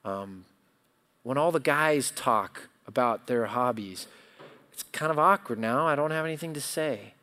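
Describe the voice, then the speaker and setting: A middle-aged man preaching a sermon. He moves from loud, emphatic declarations to quiet, confiding stories. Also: mid-range voice, measured pace, smooth. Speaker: pastor.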